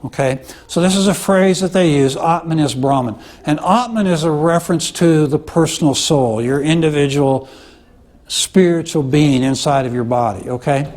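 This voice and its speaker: A man with a slightly high voice teaches a class in an easy, conversational way. He keeps checking that his listeners follow with a quick "okay?" or "right?", and he fills his pauses with "uh" as he restarts his sentences. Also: a little mellow. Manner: explains with frequent "okay?" and "right?" check-ins; conversational, with many "uh" fillers and restarts. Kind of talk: classroom lecture.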